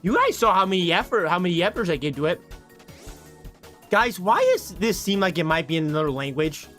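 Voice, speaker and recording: A man's voice: high voice, lively intonation, fairly quick, a bit bright, soft background music. A man livestreaming in casual chat, talking to his viewers in a self-mocking way from his home setup into a desk microphone. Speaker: streamer.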